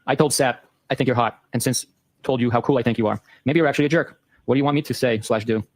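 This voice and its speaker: A man hosting a show, reading a long exchange of text messages aloud in a brisk, matter-of-fact way. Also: mid-range voice, fairly even intonation, no echo. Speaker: host.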